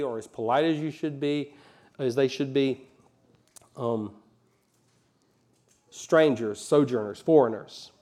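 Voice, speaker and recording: A pastor from Alabama with a mild Southern accent, preaching a conversational sermon with folksy asides and rising emphasis. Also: male voice, medium pitch, mellow.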